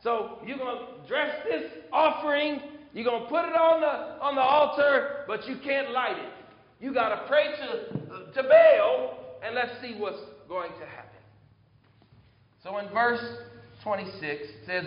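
A man preaching a sermon, retelling scripture in animated storytelling and reading verses aloud. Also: very high-pitched, measured pace. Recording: echoey hall, dull sound.

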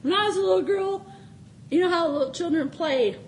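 Older woman, folksy chapel sermon, high-pitched voice, laughs as she talks, faint ambient noise. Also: brisk, low-quality recording. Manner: homespun, folksy, often laughing. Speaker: preacher. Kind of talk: informal sermon. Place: small chapel.

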